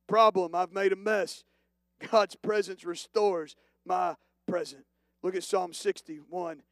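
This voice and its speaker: A male pastor preaching a sermon, moving from hushed, slow passages to loud, emphatic declarations. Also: high-pitched, fairly even intonation, no room sound. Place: church.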